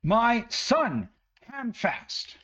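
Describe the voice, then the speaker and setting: A man's voice: very high-pitched, wildly swooping pitch, drawn-out words, fairly bright tone, muffled recording, pitched above the performer's own voice, full character voice. A man voicing an angry middle-aged village mother who scolds and rants indignantly. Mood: furious scolding.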